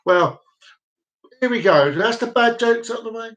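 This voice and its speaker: High-voiced man hosting a jokey live stream. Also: animated, normal speed, fairly bright tone, highs cut off. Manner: jokey, rambling, repeats himself. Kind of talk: casual live-stream chat. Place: downstairs room at home with dogs.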